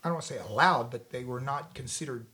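A man's voice: medium pitch, quick pace, sharp tone. A middle-aged man from Florida with a Southern US accent, a podcast guest who talks emphatically, repeating and restarting phrases. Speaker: guest, actor and martial artist. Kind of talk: casual podcast chat.

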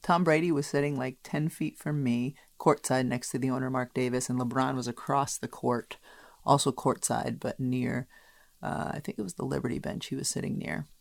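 A woman in her fifties co-hosting a casual podcast, brisk and matter-of-fact, quick to correct her partner. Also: rumbling low, steady tone, gravelly, dry recording. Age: 50s. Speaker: podcast co-host, sports broadcaster. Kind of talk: casual chat.

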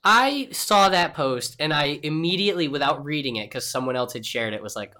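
A man's voice: a little high, lively intonation, pushed and bright. Rambling young man chatting with a friend. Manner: rambling, jokey, quick to laugh. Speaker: podcast co-host. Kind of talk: casual chat.

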